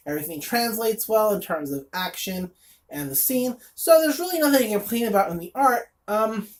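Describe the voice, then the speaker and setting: A woman's voice: fairly high pitch, slight background noise. A woman reviewing a comic in casual chat, blunt and sarcastic, with lots of fillers and asides.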